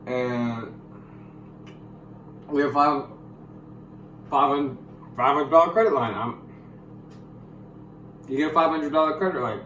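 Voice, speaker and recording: A young man explaining money topics in a casual vlog, goofy and jokey, with sudden loud, excited bursts. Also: mid-range voice, unhurried, long pauses, echoey room, a little hiss or hum, poor audio. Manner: goofy, hyper bursts, calls viewers gamers. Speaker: YouTuber.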